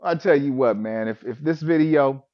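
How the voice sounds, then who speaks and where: A man's voice: mid-range voice, moderate pace, lo-fi sound. A man casually telling a comic personal story, acting out his own reactions with lots of energy.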